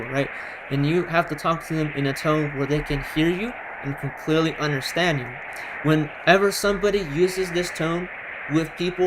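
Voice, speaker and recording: Loud, emphatic man streaming. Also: on the high side, background noise. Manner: loud, emphatic projecting voice, repeats himself. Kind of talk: casual live-stream talk while gaming.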